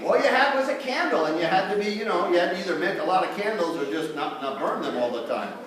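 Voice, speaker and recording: A man telling a story to a school assembly, playful and lively, putting on voices for the characters and having the children repeat lines. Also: high voice, quick pace. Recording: echoey hall from far off, children's crowd.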